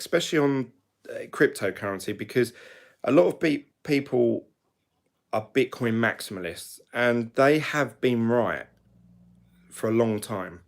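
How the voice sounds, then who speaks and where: A man's voice: on the low side, gravelly. A middle-aged man from the UK, talking to camera in a chatty, rambling way that often corrects itself. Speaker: crypto vlogger. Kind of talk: casual monologue to camera.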